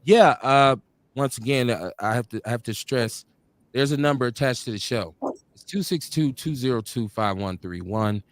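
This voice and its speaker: A man's voice: medium pitch, moderate pace, no room sound. A man hosting a live streamed podcast, talking in a laid-back way and often repeating himself. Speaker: podcast host. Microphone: video call.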